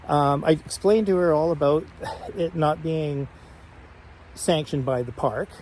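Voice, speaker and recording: An older man vlogging casually, retelling a personal story in a chatty, animated way. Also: fairly high pitch, a little hiss or hum.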